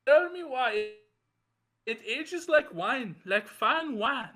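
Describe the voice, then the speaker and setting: A man's voice: very high voice, animated, takes it slowly, heavily acted. A man putting on an Indian accent to play a pushy, nagging character on a comedy livestream. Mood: mock-grandiose. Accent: put-on Indian accent. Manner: repeats a catchphrase, nagging and needling. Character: pushy mock-Indian man, heckling and badgering. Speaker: co-host.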